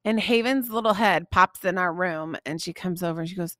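A woman, hosting a podcast and telling a family story in a gushing, animated way, laughing often. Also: fairly low pitch, a little fast, no room sound, studio quality. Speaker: podcast host. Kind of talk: casual storytelling to listeners.

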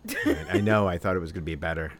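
A man's voice: sits low, fast, a crowd in the background. A man co-hosting a podcast, chatting casually and joking as he cues the recording. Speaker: podcast co-host. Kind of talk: casual chat.

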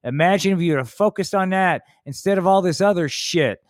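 A man voicing a preachy stoner messiah in a comedic puppet show, loud and sermonizing with a drawn-out drawl. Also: high voice, dry recording, studio quality, voice pushed up, lightly acted. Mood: scolding.

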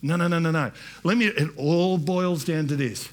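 A man's voice: a little high, normal speed. A middle-aged man preaching a sermon in a church, talking in a conversational way with many restarts and asides. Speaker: pastor.

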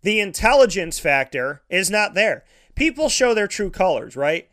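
A man's voice: sits high, very animated, moderate pace, a bit bright. A man broadcasting a live sports talk show, ranting with heated sarcasm and lots of repetition.

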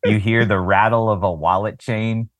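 A man's voice: lowish voice, fairly even intonation, normal speed, a bit bright. A man co-hosting a casual music podcast, telling jokey stories and often laughing. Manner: joking storyteller, laughs often. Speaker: podcast co-host. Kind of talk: casual chat.

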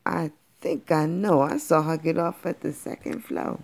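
A parent voicing a smooth-talking male street cat who speaks in slang and wheedles for food. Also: medium pitch, steady tone, moderate pace, darkish tone, slight background noise, close to an everyday voice.

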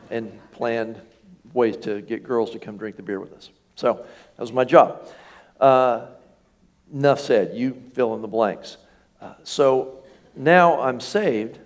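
Middle-aged male pastor, gravelly voice, casual conversational preaching that checks in with the room. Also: on the low side. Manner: conversational, asks the congregation questions. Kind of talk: sermon.

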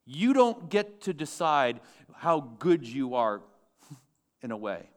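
A man's voice: on the high side, big pitch swings, slow. A man pastor preaching a sermon to his church, emphatic and asking the congregation questions.

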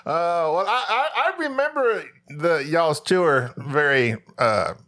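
A man's voice: fairly high pitch, animated, slow, bright, forceful tone. A man from Northeast Texas with a regional accent, hosting a podcast in rambling, self-mocking casual chat. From Paris, Texas. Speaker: podcast host.

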